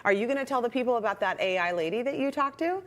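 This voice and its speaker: A woman's voice: fairly high pitch, lively intonation, fast talker. A woman co-hosting a television talk show, chatting casually in the studio in an upbeat, emphatic way. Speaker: TV show co-host.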